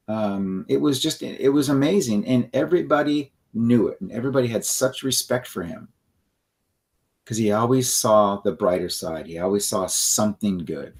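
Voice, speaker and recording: A middle-aged male co-host explains things in an instructional conversation, frequently restarting and checking in with "okay?" His voice is mid-range and a little mellow.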